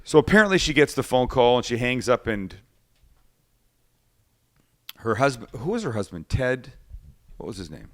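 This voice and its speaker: A man hosting a cooking show, chatting casually at a middle pitch. He tells stories with energy and acts out the people he quotes as he goes. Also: normal speed, long pauses. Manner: animated storyteller acting out quotes. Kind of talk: casual storytelling chat.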